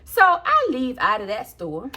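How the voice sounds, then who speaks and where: A woman vlogger telling a story in a casual rant, exasperated and animated, acting out what she said while she preps food. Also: a little high, a little slow. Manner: animated, exasperated retelling with acted-out quotes; talks while prepping food.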